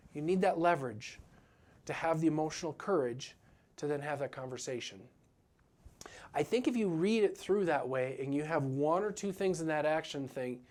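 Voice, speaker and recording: With a voice that's a little high and a little mellow, a man gives a motivational business talk as a practice coach. He speaks earnestly and plainly, frequently playing out his clients' words.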